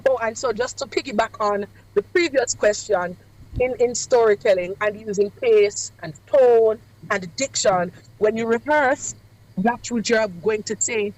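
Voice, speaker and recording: A woman, a radio guest coaching on public speaking in a measured, emphatic cadence with deliberate pauses. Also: on the high side, darkish tone, rough recording. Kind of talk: radio interview advice. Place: away from the studio.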